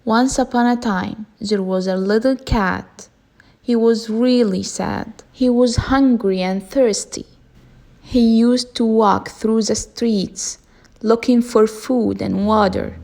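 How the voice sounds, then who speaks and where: Woman narrator for kids' bedtime stories, slow delivery, slight fry. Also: a little high, steady tone, darkish tone. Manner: slow, simple storybook reading. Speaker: storyteller.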